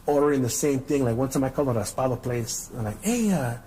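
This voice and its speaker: A man's voice: medium pitch, steady tone, quick pace, warm tone, slight background noise, poor audio. A middle-aged man hosting a podcast, telling stories in a casual, profane, rambling way and repeating his words. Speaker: podcast host. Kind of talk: casual storytelling rant.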